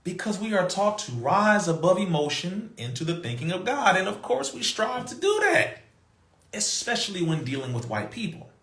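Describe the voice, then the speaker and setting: A man with a fairly high, bright voice tells a story in an emphatic, animated monologue. His pitch swings widely as he mimics other people. The sound is roomy and echoey. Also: normal speed. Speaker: podcast guest.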